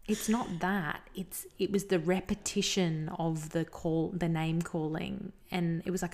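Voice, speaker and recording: A woman co-hosting a podcast, chatting casually and telling an animated story with frequent laughs. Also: on the low side, a little slow, hardly any pauses. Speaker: podcast co-host. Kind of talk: casual chat.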